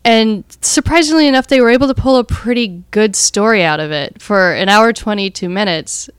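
A woman's voice: mid-range voice, moderate pace, clear, resonant tone, dry recording, studio quality. A woman co-hosting a podcast, chatting about a movie in a giggly, casual way. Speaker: podcast co-host. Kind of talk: casual chat, movie review.

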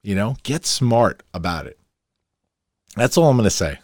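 A man hosting a solo podcast, talking in an opinionated, brash way that keeps getting loud and fired up. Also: fairly low pitch, very animated, normal speed, dry recording, studio quality. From New York. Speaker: podcast host.

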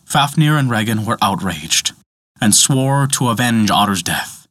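A man narrating a myth as a storyteller, with expressive, dramatic delivery. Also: on the low side, a little slow, dry recording.

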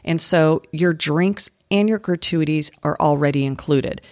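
A woman's voice: low voice, unhurried, a little mellow, no echo, clean studio sound. A woman co-hosting a travel podcast as a travel agent, giving friendly, upbeat advice in a casual chat.

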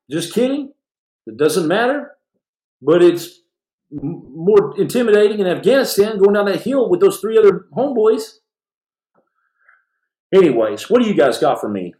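A man's voice: high voice, sing-song, moderate pace, pauses often, mellow. A middle-aged man hosting a live podcast, talking fervently to viewers in a rambling way with many restarts. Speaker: podcast host. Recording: roomy echo.

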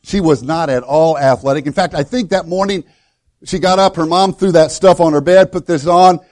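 A male pastor preaching a sermon in a folksy, storytelling way, with many halting restarts. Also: on the high side, a little mellow. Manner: storytelling, folksy and self-deprecating.

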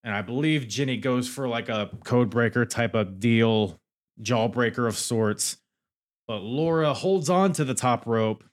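A man's voice: medium pitch, unhurried. Man rambling through a wrestling recap. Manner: rambling, joking and profane, with many restarts. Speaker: wrestling podcast host. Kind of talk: casual show recap.

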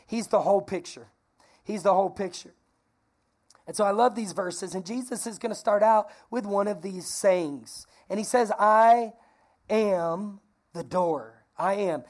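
A woman pastor preaching a lively, conversational sermon, calling on the congregation to repeat phrases. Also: mid-range voice. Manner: energetic, conversational, calls for congregation responses.

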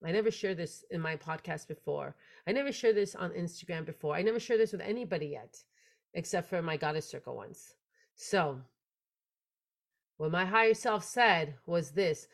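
A young adult woman hosting a spiritual podcast, telling her story in an animated way with big swings in loudness and pace. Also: on the low side, moderate pace. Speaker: podcast host.

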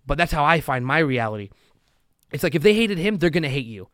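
A man's voice: fairly high pitch, sing-song, quick pace, a bit bright, clean tone, no echo, studio quality. A man talking as a podcast guest, telling stories and acting out quotes in long motivational runs. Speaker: podcast guest, loan officer. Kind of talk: casual podcast talk.

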